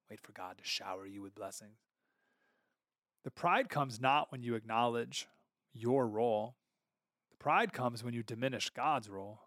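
Male podcast host, earnest storyteller, gravelly voice, dry close recording. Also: mid-range voice, no echo. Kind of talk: casual sermon-style commentary.

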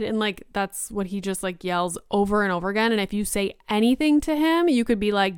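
Chatty young woman with a very clear voice. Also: medium pitch, normal speed, few pauses, dry recording, clean studio sound. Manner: chatty, fills speech with "like". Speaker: podcast host. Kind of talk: casual storytelling monologue.

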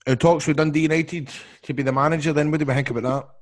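A Scottish man with a fairly high voice, chatting on a football podcast. He jokes, banters and tells stories in a loose, casual way. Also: steady tone, fast. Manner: banters and laughs a lot, slips into impressions. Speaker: podcast co-host. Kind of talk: casual chat.

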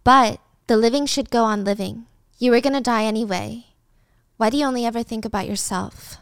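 A woman voicing a fragile, self-pitying young mistress who speaks in a soft, pleading way. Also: a little high, fairly quick, smooth, dry recording, clean studio sound, close to an everyday voice.

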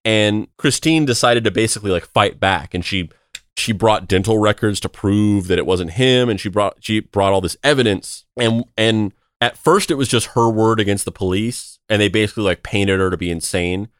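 A man's voice: fairly low pitch, moderate pace, clean tone, no room sound, clean studio sound. A man hosting a podcast, telling a story in casual chat, rambling with many restarts and filler words.

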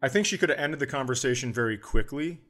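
A middle-aged man hosting a podcast who has a stutter and tells comedic stories in a casual, animated way, jumping into high voices when he quotes people. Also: fast. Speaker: podcast host.

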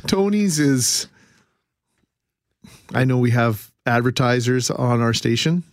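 A man's voice: medium pitch, flat delivery, moderate pace, no room sound, studio quality. Chatty male radio co-host. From Canada. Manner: chatty, storytelling, joking. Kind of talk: casual radio banter. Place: radio studio. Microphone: studio microphone.

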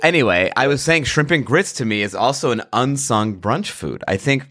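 A man's voice: mid-range voice, expressive, normal speed, a bit bright. A male podcast host chatting casually, enthusiastic and explanatory about food.

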